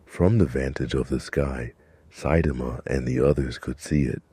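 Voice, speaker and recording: Very deep, husky male narrator. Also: dark tone, dry recording, studio quality. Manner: measured, dramatic storytelling. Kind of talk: scripted narration.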